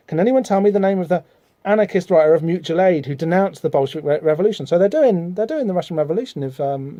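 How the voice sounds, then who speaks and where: A man's voice: fairly high pitch, mellow, no echo, studio quality. A man hosting a podcast, talking casually about a comic book with lots of fillers and rambling asides. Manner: rambling, chatty, many fillers, reads out dialogue in voices. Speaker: podcast host.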